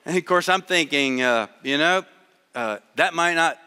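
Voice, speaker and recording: Bright, animated male preacher in a hall. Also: on the high side, normal speed, clear, resonant tone. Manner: animated, acts out voices in his story. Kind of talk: sermon storytelling to a live audience.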